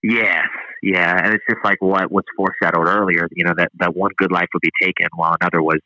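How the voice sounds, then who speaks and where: A man's voice: low voice, flat delivery, fast, bright, forceful tone, dry recording, low-quality recording. A man appearing as a guest on a podcast, chatting casually and agreeably about a comic book. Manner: agreeable, easygoing, thinks aloud.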